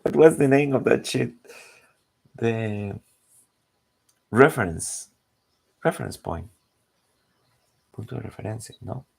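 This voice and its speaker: A man's voice: mid-range voice, lively intonation, slow, vocal fry, long pauses, breathy edge. A man chatting casually while drawing, rambling and searching for words. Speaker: artist narrating his drawing.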